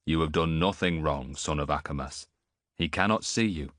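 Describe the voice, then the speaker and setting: A man voicing a calm, fatherly warrior who speaks in a steady, low, reassuring way in an audiobook. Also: moderate pace, dry recording, clean studio sound. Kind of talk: audiobook character voice.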